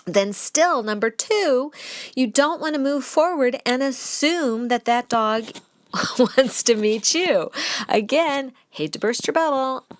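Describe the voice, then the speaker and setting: A woman dog trainer giving casual advice in a podcast, talking bluntly and teasing her listeners, with lively jumps in pitch. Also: takes it slowly, no echo. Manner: chatty and blunt, with playful teasing; animated, with lively shifts in pitch.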